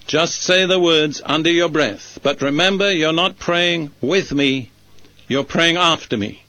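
A male preacher delivering a sermon and leading a prayer, speaking slowly and deliberately, phrase by phrase. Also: on the high side, pushed and bright. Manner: slow, measured, deliberate phrasing.

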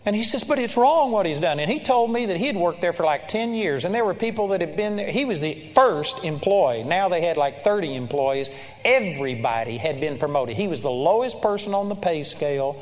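A man's voice: fairly high pitch, lively intonation, fairly quick, big-room sound. A man preaching a sermon, telling a story in an earnest, exhorting manner.

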